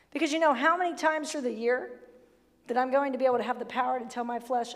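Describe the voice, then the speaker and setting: A woman with a high voice preaches to her congregation in a blunt, emphatic way with flashes of humor. Her words ring out with a long reverb from the church hall around her. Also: steady tone, quick pace. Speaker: pastor. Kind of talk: sermon. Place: church sanctuary.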